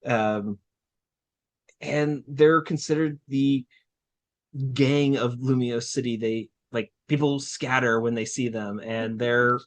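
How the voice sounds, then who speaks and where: A man's voice: medium pitch, steady tone, takes it slowly. A man co-hosting a casual review podcast, explaining things in an easygoing way. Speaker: podcast co-host.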